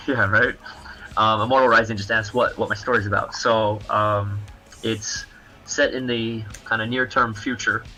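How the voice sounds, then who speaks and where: A man, a comic book creator guesting on a livestream, chatting casually in halting, rambling explanations. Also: lowish voice, steady tone, bright, forceful tone, low-quality recording.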